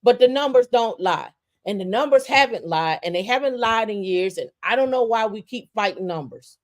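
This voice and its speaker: Woman podcast co-host, a bit high in pitch, passionate ranting delivery full of emphatic repetition. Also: expressive, normal speed. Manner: impassioned, ranting, repeats phrases for emphasis. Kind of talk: casual opinion talk.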